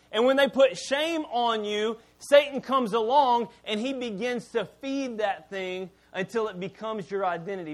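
A middle-aged pastor with a notably high voice delivers a sermon in a relaxed, conversational way. He is candid and self-deprecating, and he often sinks low and quiet to land a point. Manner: conversational preaching, dropping low and quiet for emphasis.

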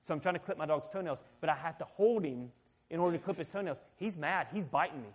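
Talking fast in a fairly high voice with a breathy edge, a pastor in his thirties delivers an animated, conversational sermon. Along the way he asks the audience questions.

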